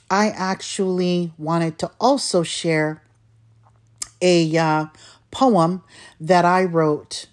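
A woman's voice: on the low side, a little mellow. A middle-aged woman hosting a podcast, talking in a heartfelt, personal way and often saying "you know". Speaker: podcast host. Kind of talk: personal reflective talk.

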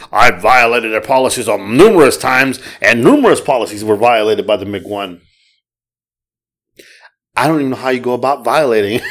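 A man's voice: mid-range voice, a bit bright. A man co-hosting a podcast in casual chat, ranting with heavy profanity. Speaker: podcast co-host.

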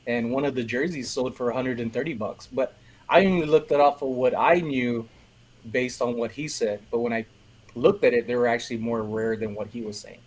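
A man with a husky, slightly rough voice tells a casual story on a livestream, playing out both sides of the conversation as he goes. His pitch is medium, and his delivery is chatty and animated. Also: fairly quick, poor audio. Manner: animated storyteller, acts out quoted dialogue. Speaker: reseller co-host. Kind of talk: casual anecdote.

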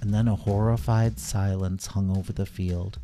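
Male storyteller for kids, expressive, mellow, faint music underneath. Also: fairly low pitch, normal speed. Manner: gentle, expressive reading with voices. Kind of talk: children's bedtime story narration.

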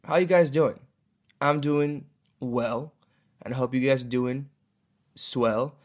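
A man's voice: medium pitch, steady tone, slow. A young man hosting a podcast in an upbeat, chatty way. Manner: upbeat, chatty, lots of fillers. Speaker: podcast host. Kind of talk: casual podcast chat.

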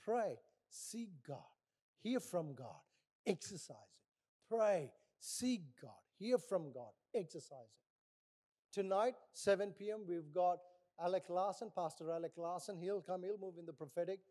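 A middle-aged male pastor preaching a sermon, animated, acting out little voices in his stories. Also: sits high, a little slow.

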